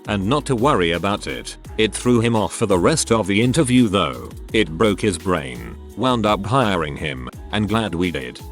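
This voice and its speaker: A man reads online stories aloud in a wry, expressive scripted narration. His voice sits low, yet his pitch swings widely from line to line. Faint music runs beneath him. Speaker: story narrator.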